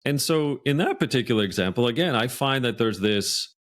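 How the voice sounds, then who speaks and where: A Canadian man, a podcast guest, telling a workplace anecdote in a lively, animated way. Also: mid-range voice, a little fast. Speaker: guest author. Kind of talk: podcast storytelling.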